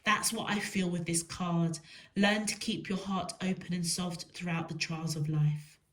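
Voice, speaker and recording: Slow, emphatic woman tarot reader. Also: lowish voice, steady tone. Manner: slow, emphatic, repeats words for stress. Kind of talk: spiritual tarot reading to camera.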